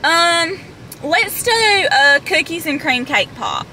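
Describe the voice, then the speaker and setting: A young woman vlogs from her car while parked in a drive-thru line, chatting to a close handheld camera. Her voice is extremely high with lively intonation, and she speaks slowly, self-deprecating and full of fillers. The background is noisy.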